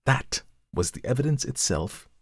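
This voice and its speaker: A man voicing a methodical male detective who explains his reasoning in a measured, formal way, in a storybook reading. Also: medium pitch, very animated, dry recording, studio quality, voice pushed up. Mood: lecturing. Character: coolly analytical male detective, methodical, lecturing. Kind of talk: audiobook reading of a classic story.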